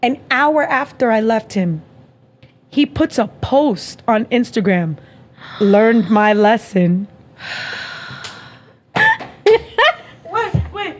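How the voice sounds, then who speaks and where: A woman's voice: fairly high pitch, takes it slowly, a little mellow, slight background noise. A young woman hosting a podcast, casually chatting and telling a story, acting out both sides with frequent laughs. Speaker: podcast host. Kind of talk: casual chat.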